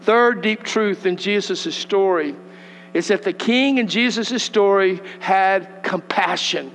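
Pastor, animated folksy sermon, big echoing sanctuary with mains hum. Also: male voice, high voice, takes it slowly. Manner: animated, acts out scripture voices, folksy asides. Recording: long hall reverb with mains hum.

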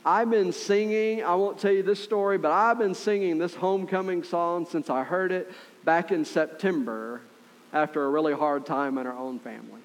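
A man's voice: sits high, steady tone, normal speed. Earnest conversational male pastor. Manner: conversational and earnest, with frequent "right?" asides. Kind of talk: sermon.

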